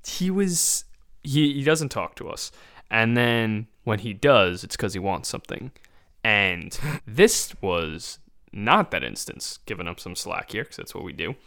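Low-voiced storytelling podcast co-host. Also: male voice, very animated, a little slow, vocal fry, a bit bright. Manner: storytelling, mock-exasperated. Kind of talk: casual comedic chat.

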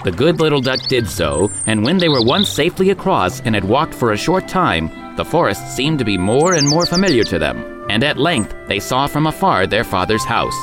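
A man narrating a fairy tale in an expressive storyteller's manner. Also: medium pitch. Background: background music.

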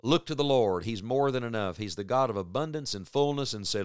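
A man preaching a Bible study sermon in an earnest, measured way, slowing down to stress key words. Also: medium pitch, expressive, smooth, no echo, studio quality.

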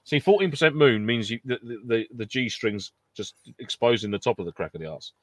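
A man's voice: mid-range voice, animated, a little fast, no echo. A man co-hosting a podcast, chatting casually, swearing and joking often. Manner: sweary, jokey, laughs often. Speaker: podcast co-host. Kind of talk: casual banter.

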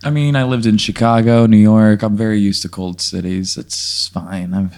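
A man's voice: fairly low pitch, steady tone, moderate pace, a little mellow. A man who plays along with a comic story, improvising his own replies. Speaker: podcast guest. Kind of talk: casual comedic chat.

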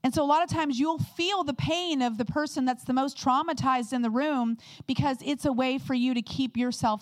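Higher-voiced woman preaching candidly. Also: no room sound. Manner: candid, conversational preaching with quick asides. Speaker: guest speaker. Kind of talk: sermon.

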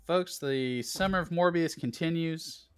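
A man hosting a casual gaming podcast, relaxed and joking, with lots of fillers. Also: a little high, a little slow, clear, resonant tone, dry recording, faint music behind. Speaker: podcast host.

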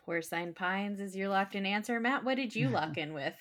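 A woman's voice: mid-range voice, animated, normal speed, a bit bright. A woman hosting a casual trivia podcast, reading questions aloud and laughing easily. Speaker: trivia host.

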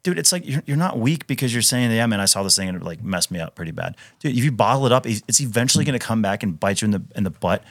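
A man in his thirties talks in a low register, casual and emphatic, leaning on "dude" and restarting his sentences. The sound is dry and close to the mic, with no room behind him. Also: lively intonation, rapid-fire, few pauses, fairly bright tone, no room sound. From Wisconsin, US. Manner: emphatic, frequent fillers and restarts, says "dude" often. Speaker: podcast guest, retired Navy SEAL. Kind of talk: casual conversational storytelling.

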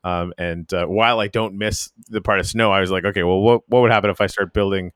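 A man with a very deep voice hosts a relaxed podcast conversation, wandering through his thoughts with plenty of "um"s and restarts. He is from the Canadian Arctic, and the sound is close and dry with no room echo. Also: quick pace, smooth. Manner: rambling, many fillers and restarts. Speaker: podcast host. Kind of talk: casual podcast chat.

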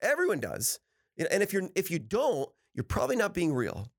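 Animated upbeat man telling stories. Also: sits high, a little fast. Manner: animated, upbeat storyteller who often laughs. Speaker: podcast host. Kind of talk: casual storytelling chat.

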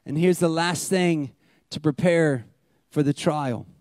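A young man preaching a sermon as pastor, animated, swinging between loud emphasis and hushed, intimate lines. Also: on the high side, slow pace, dry recording, studio quality.

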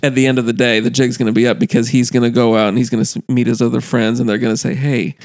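A man's voice: mid-range voice, little pitch movement, rapid-fire, a little mellow. A man telling a long profane story in casual chat, acting out the people he quotes. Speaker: podcast guest telling a story.

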